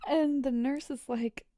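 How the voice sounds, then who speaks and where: Brief: giggly rambling woman, whispered role-play, a bit high and warm. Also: dry recording, studio quality. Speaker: storyteller.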